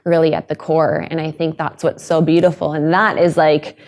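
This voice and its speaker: A woman's voice: deep voice, level tone, moderate pace, a little mellow. A woman hosting a podcast, talking earnestly and emotionally about her own story, with hesitant restarts. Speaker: podcast host. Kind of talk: candid podcast conversation.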